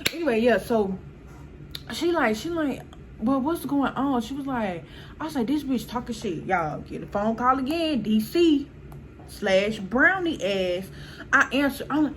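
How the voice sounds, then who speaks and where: A young woman, telling a storytime in a casual, animated way, swearing and often quoting people. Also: a little high, slight background noise. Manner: animated, swearing, laughs often, quotes people in quick bursts. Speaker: storyteller vlogger.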